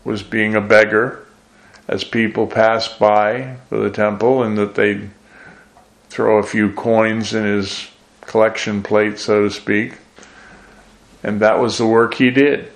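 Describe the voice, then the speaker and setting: Slow gravelly male preacher. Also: fairly low pitch, level tone. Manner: slow, measured delivery with gentle self-deprecating asides. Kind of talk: sermon with scripture reading.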